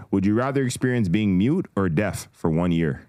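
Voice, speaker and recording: A man hosting a casual podcast, putting quickfire would-you-rather questions to his guests. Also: lowish voice, animated, warm tone, dry recording, studio quality. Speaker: podcast host.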